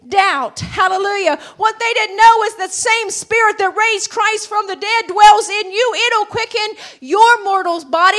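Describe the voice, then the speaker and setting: High-voiced woman preaching. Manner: rising to shouted fervor, calls of hallelujah. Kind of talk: sermon.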